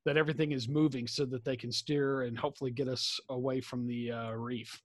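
This man's mid-range voice is brisk and flat in delivery, captured in a dry recording. As a tabletop game player, he chats casually, describing his character's moves hesitantly and filling gaps with many fillers.

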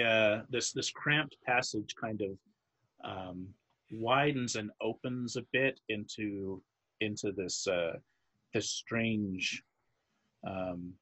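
A man narrating as game master of a tabletop game, halting and searching for words as he describes each scene. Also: on the low side, a bit bright, breathy edge.

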